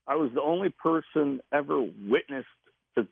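A man telling a personal story in a casual interview, halting and repeating words as he goes. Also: a little high, gravelly, slightly rough, no echo. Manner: halting, repeats words, laughs between phrases. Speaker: guest recounting an experience. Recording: tinny phone line.

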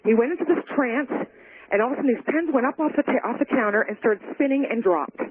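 Female caller, excited and hurried, heard over a tinny phone line with faint hiss. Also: fairly high pitch. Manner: excited, rushed, talks over the host. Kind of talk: call-in radio storytelling. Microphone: telephone.

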